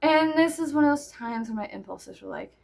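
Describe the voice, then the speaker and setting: A woman telling a story in a casual way, animated and breaking into loud laughing shouts. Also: fairly high pitch, brisk, vocal fry.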